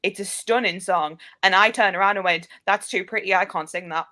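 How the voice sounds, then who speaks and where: A woman's voice: medium pitch, brisk, sharp tone. A woman chatting casually, hesitant and full of ums. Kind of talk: casual chat.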